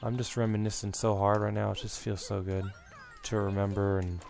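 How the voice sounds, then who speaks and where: A man's voice: lowish voice, flat delivery, a little fast, vocal fry, darkish tone, soft background music. A young man hosting a let's play, rambling and reminiscing through his commentary with lots of fillers, a bit out of breath.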